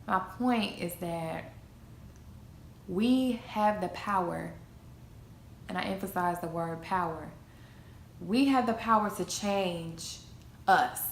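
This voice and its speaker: A young adult woman giving an emphatic motivational talk about self-esteem, repeating her key phrases like a preacher. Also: medium pitch. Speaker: motivational vlogger. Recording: echoey room, faint noise.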